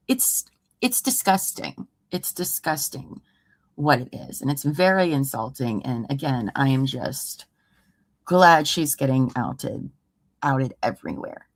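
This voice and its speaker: A woman's voice: sits low, no echo. A woman hosting a true crime livestream from home, reading a report aloud and breaking off into sarcastic, exasperated asides. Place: home room.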